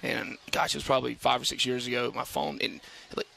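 A man talks like a coach on a live radio show, his gravelly voice bright and forward. He stops and restarts often and fills gaps with "you know". When he tells a story he picks up and gets lively. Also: mid-range voice, slight background noise. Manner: halting, many fillers and restarts, animated when telling stories. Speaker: head football coach. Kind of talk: casual radio interview. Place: outdoor brewery patio at a live radio show.

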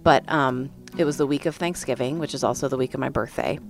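Married woman, animated storyteller, very low gravelly voice, faint guitar behind. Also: fast. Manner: animated, reenacts scenes with big voice jumps. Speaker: married woman sharing her pregnancy story. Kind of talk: casual personal storytelling.

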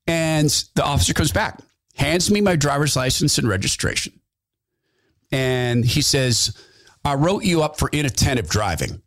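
A man's voice: on the high side, lively intonation, moderate pace, a bit bright, no room sound, clean studio sound. A middle-aged man hosting a talk radio show, telling folksy stories and acting out the quotes. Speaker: radio host. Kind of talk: storytelling talk radio monologue.

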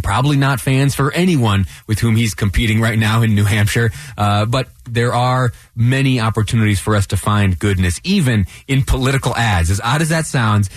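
A low-voiced man hosting a talk radio show, speaking in an earnest, halting way with frequent restarts. The sound is dry and close, straight into a studio microphone. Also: no echo.

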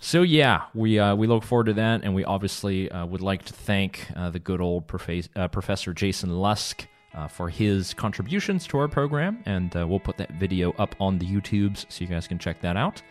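A man's voice: low-pitched, expressive, normal speed, hardly any pauses, soft background music. A man co-hosting a podcast, talking casually with lots of fillers and restarts and laughing often. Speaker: podcast co-host. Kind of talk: casual conversation. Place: Vienna, Austria.

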